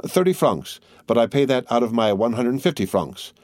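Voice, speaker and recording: A man's voice: medium pitch, very animated, moderate pace, darkish tone, no room sound, studio quality, natural voice. A man voicing an earnest, resolute young man reassuring his mother in a storybook reading. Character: earnest young man, proud and devoted son.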